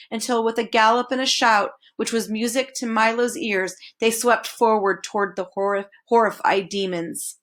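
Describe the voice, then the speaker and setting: Woman reading a storybook aloud. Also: a little high. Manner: expressive read-aloud, slowing on dramatic phrases. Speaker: storybook reader. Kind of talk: reading a children's novel aloud.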